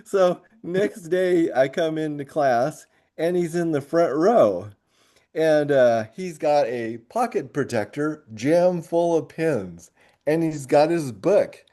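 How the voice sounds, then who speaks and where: A man who coaches high school track, telling a long story in an interview and laughing often as he goes. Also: takes it slowly. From grew up moving around as a military kid. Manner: animated storyteller who laughs often through his tale.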